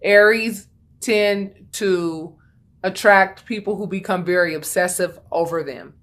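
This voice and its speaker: A woman's voice: medium pitch, slow pace, fairly bright tone. A woman giving a casual tarot reading, talking bluntly and chattily, swearing freely and repeating lines for emphasis. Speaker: tarot reader.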